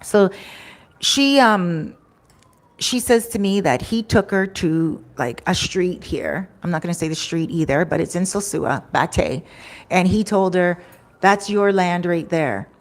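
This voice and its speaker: A woman's voice: lowish voice, expressive, measured pace. A woman telling a story to camera in a chatty vlog, acting out what people said, into a microphone. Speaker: storytime vlogger.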